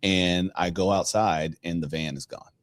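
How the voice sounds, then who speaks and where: A middle-aged man hosting a podcast, telling a personal story in a casual, animated way and acting out the dialogue. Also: deep voice, a little slow, no echo. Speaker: podcast host.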